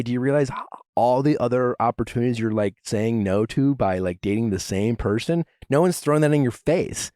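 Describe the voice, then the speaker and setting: A man hosting a podcast, talking in a loose, rambling way that is full of "like" and "you know." His pitch sits in the middle range. The sound is dry and close, with no room echo. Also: a little mellow. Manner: rambling, frequent fillers and restarts. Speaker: podcast host. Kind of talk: casual chat.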